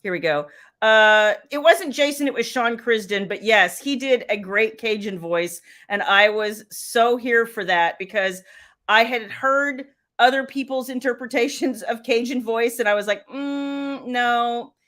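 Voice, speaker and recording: Middle-aged woman, livestream host, casual and chatty, slightly high voice. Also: a little slow, a bit bright. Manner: chatty, laughs often, greets viewers by name. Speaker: author and live show host.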